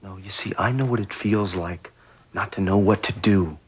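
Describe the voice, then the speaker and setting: A gentle, husky soap man. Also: lowish voice, normal speed. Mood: sympathetic. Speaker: soap opera character. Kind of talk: 1990 daytime soap acting.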